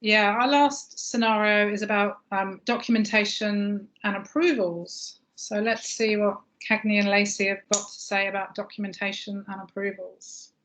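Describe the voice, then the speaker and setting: A woman's voice: medium pitch, fairly even intonation, normal speed, hardly any pauses, a bit bright. A woman hosting a webinar over a video call, friendly and easygoing. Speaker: webinar host. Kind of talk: casual hosting chat. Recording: dull lo-fi sound.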